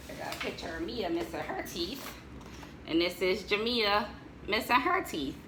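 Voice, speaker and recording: A woman's voice: mid-range voice, expressive, normal speed, noisy background. A middle-aged American woman chatting casually to viewers as she shows family photos, joking and laughing as she goes. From United States. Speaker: vlogger showing family photos.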